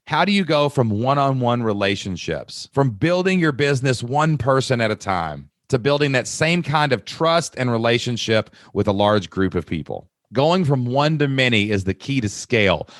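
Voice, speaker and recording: A man's voice: medium pitch, dry recording, studio quality. A man from Southeast Kentucky with an Appalachian mountain accent, hosting a podcast in an upbeat, folksy, chatty way. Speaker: podcast host. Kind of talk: casual podcast conversation.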